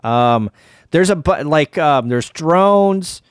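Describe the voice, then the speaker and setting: A man's voice: fairly high pitch, expressive, slow, clear, resonant tone, no echo, clean studio sound. A middle-aged man hosting a casual livestream, tired and rambling, with lots of ums, restarts and wry asides. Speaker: ham radio livestream host.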